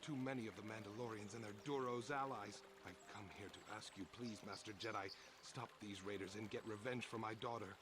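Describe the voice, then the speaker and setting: An actor playing a bitter, grieving middle-aged farmer in a video game, pleading for help. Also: male voice, fairly low pitch, fairly even intonation, a little fast, lightly acted. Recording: game audio with background noise.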